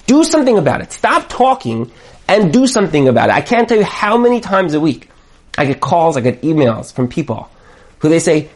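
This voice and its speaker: A man teaching a lively Torah class, repeating his points for emphasis and sprinkling in Hebrew and Yiddish words. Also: a little high, brisk. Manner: lively, acts out quoted voices, emphatic repetition. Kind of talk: animated Torah class lecture.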